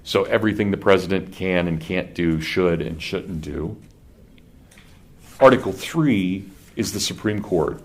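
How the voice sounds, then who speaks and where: A man's voice: deep voice, measured pace. A middle-aged man with a Kansas accent giving a conversational classroom lecture and putting questions to his students. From Kansas, USA.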